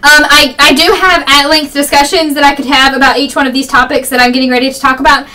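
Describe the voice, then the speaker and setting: A young woman with a high, bright voice talks rapidly and rambles through her opinions in a casual home vlog. Her voice is a little froggy. She sounds some distance from the camera mic. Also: flat delivery. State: slightly froggy voice. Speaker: vlogger. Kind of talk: fast casual political vlog.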